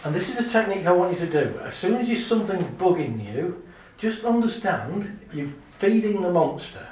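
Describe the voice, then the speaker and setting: Male speaker on stage, lively storyteller with a slightly high voice, heard from off mic in a big echoing hall. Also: moderate pace, distant mic, a little hiss or hum. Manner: lively, chatty, laughs often, acts out little scenes. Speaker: speaker giving a talk. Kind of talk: live talk to an audience. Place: large hall with an audience.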